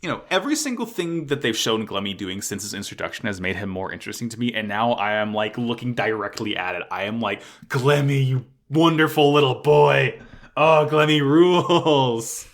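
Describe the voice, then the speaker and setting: A man co-hosting a casual anime recap podcast, swearing freely and getting excited as he retells scenes. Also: lowish voice, fast, few pauses. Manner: profane, excitable, voices characters loosely. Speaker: podcast co-host.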